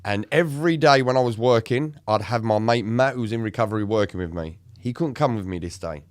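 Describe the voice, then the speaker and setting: With a medium-pitched voice and a brisk delivery, a man co-hosting a podcast opens up about himself and his recovery. He swears, gets emotional, and voices the quoted words of others, recorded without echo.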